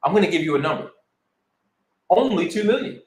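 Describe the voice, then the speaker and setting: A man's voice: high voice, animated, brisk, darkish tone. A man in his forties co-hosting a casual podcast discussion, talking in an emphatic, worked-up way. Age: 40s. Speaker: podcast co-host. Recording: echoey room.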